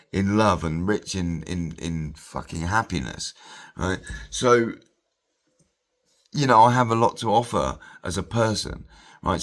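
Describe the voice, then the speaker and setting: A man's voice: fairly low pitch, fairly bright tone. A man telling a rambling personal story, swearing freely and repeating himself. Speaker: vlogger.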